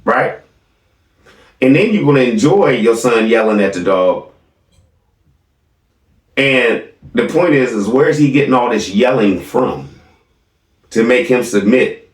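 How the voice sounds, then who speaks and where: A man's voice: medium pitch, lively intonation, measured pace, long pauses, roomy sound, far from the mic. A man giving sarcastic reaction commentary on video clips, questioning his viewers.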